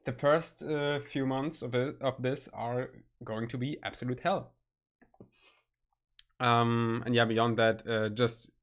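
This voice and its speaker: A man with a German accent, a native German speaker, chatting casually on a stream, halting and searching for his words. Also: on the low side, fairly bright tone. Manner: halting, searching for words, nervous self-conscious laughs.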